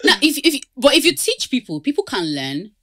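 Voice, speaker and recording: A woman from Nigeria with a Nigerian accent, a podcast guest in casual chat, animated and slipping into pidgin. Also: high voice, a little fast, no room sound, clean studio sound. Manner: animated, mixes in pidgin, laughs often.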